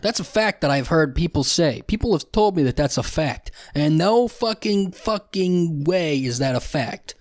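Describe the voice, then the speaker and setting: A man's voice: a little high, animated, normal speed, hardly any pauses, dry recording, clean studio sound. A young man hosting a solo comedy podcast, ranting with profanity and sarcasm and often restarting his sentences. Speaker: podcast host.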